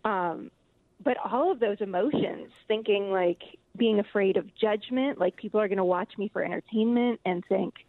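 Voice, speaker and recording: A woman author talking about her book in a radio interview, thoughtful and halting, with many fillers. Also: mid-range voice, dry recording. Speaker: author guest. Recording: tinny phone line.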